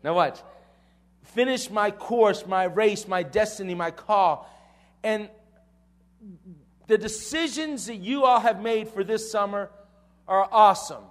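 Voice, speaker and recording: Male preacher, high voice, storytelling sermon style with call-and-response. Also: slow, pauses often. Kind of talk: sermon to a youth audience.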